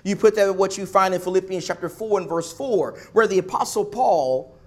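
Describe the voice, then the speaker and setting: A man delivers a sermon in a high, light voice. He stacks rhetorical questions and repeated phrases for emphasis. His volume swings between forceful pushes and quiet asides. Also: brisk. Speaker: preacher.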